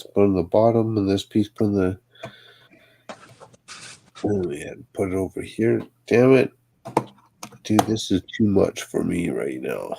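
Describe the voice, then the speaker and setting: A man's voice: sits low, creaky, warm tone, a little hiss or hum. A man live-streaming as he builds, talking to himself in an exasperated, grumbling way. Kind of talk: casual live-stream chatter while building.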